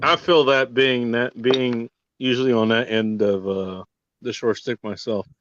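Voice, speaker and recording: A man's voice: mid-range voice, steady tone, unhurried, fairly bright tone, no room sound, highs cut off. A man hosting a casual livestream, swearing freely and laughing often. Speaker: host.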